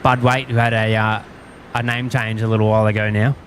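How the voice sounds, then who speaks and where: An Australian man hosts a live stream outdoors at a plane-spotting spot near an airport, greeting viewers with casual, rambling chat and frequent chuckles. His voice is on the low side with a level tone and fairly bright quality, a little fast, with slight background noise.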